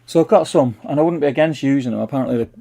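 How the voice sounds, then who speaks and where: Gravelly-voiced Mancunian man chatting. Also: mid-range voice, racing, dark tone. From Manchester, England. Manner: rambling, reads chat aloud, chummy "mate". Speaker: livestream host. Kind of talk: casual livestream chat.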